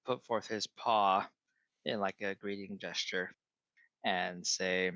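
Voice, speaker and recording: A man describing his character's actions in a tabletop role-playing game, in a measured way with fillers. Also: low voice, fairly even intonation, bright, forceful tone, dry recording. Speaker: player. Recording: dull lo-fi sound.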